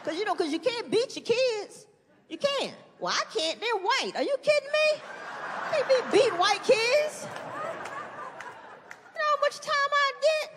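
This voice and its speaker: A middle-aged woman performing stand-up, her high voice leaping between registers as she acts out the people in her stories. She is recorded live on stage, and a long reverb trails her lines. A faint hum sits under everything. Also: a little slow, long pauses, a loud crowd. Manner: animated, swings into loud high-pitched mock voices for punchlines. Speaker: stand-up comedian. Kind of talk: stand-up comedy set. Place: large hall with audience.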